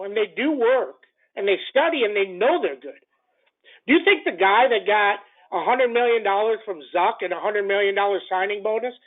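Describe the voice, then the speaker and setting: A man hosting a morning trading call, ranting bluntly and profanely, often stumbling and repeating himself. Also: high-pitched. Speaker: trading show host. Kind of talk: morning market commentary. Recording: narrow phone-like audio.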